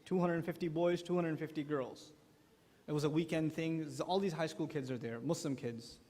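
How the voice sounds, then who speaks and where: A male preacher gives an animated, joking talk to a live audience of parents. His voice sits high for a man, and it rings with a long echo around a large hall. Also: normal speed. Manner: animated, acts out quotes. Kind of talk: humorous sermon talk. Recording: echoey hall.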